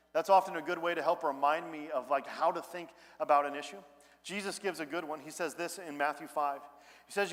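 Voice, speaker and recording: A man preaching a sermon in a relaxed, conversational way, speaking frankly to his congregation and acting out little exchanges. His voice sits a bit high for a man. The sound carries a long reverb from a church sanctuary. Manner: conversational, candid preaching with acted-out asides. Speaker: pastor.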